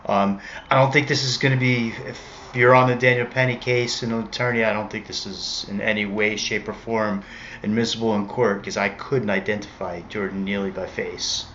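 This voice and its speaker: On a dull lo-fi recording, a street musician with a lowish, fairly bright voice shares a personal story. His telling is conversational and rambling, full of self-corrections.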